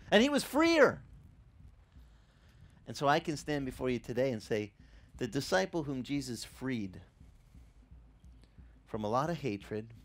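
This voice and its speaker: A middle-aged male pastor preaching a sermon with a slightly high voice. He tells stories in an animated way and slips into acted-out dialogue. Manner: animated storytelling that acts out dialogue.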